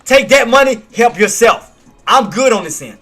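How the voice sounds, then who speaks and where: Hyped high-voiced trading streamer, man. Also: animated, normal speed, faint music behind. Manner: hyped, shouting and laughing, slangy. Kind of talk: live trading commentary.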